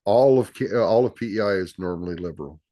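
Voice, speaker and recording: A man speaks in a somewhat low voice as a guest in a casual live conversation. He explains patiently, but he trips over his words and repeats them as he goes. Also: fast talker, warm tone. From Canada.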